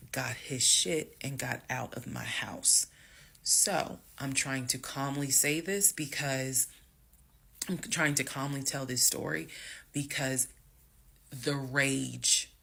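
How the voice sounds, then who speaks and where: A woman telling a personal story to her viewers, emphatic and dramatic, slowing down to stress words and then rushing ahead. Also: rumbling low, vocal fry, a bit bright. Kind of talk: casual storytime monologue.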